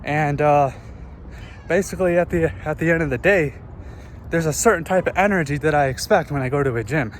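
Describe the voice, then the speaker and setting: A man's voice: a little high, brisk, slight background noise. A man ranting casually to camera, out of breath after a workout, rambling and swearing, recorded through earbuds. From northern United States. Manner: rambling, profane, self-interrupting. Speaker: vlogger. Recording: voice picked up through earbud mic.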